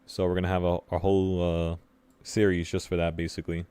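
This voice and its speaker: A young man with a very low voice walks through trading charts in a loose, offhand way. He thinks out loud and pokes fun at his own slips as he clicks around. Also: brisk, smooth. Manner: relaxed, thinking aloud, laughs at himself. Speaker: trading channel host. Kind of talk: casual screen-share chart walkthrough.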